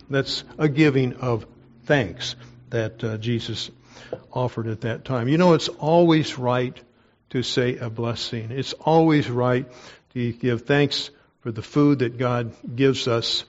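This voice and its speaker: Earnest male preacher, explanatory, reads scripture slowly, mid pitch, mildly dull recording. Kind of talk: expository Bible sermon.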